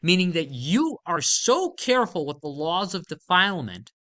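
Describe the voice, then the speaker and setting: Torah teacher, bright edge to the voice, lively pitch that swings high on the points, emphatic and explanatory. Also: moderate pace. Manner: emphatic, animated explaining, casual fillers. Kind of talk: Torah lesson explaining a verse.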